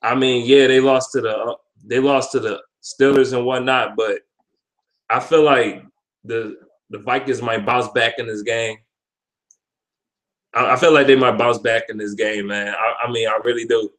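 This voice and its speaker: A man's voice: mid-range voice, steady tone, moderate pace, a bit bright, poor audio. Blunt, swearing man talking sports picks. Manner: blunt, profane trash talk with frequent repeats and restarts; stumbles over words. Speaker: vlog host giving sports picks. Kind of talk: casual sports prediction talk.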